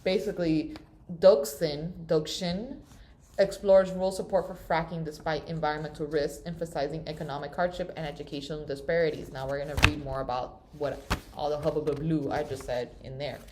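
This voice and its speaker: Chatty young woman with a lowish voice. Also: steady tone, fast, mellow, slight background noise. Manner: chatty and informal, slangy asides. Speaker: student presenter. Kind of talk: casual class presentation.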